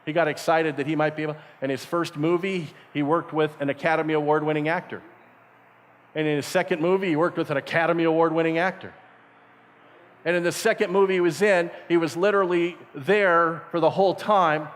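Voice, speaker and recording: Middle aged guy preaching at camp, acts out all the voices, kinda high voice, echoey hall. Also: brisk. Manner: acts out voices in his stories, animated. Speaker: camp speaker. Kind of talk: storytelling sermon. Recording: reverberant hall.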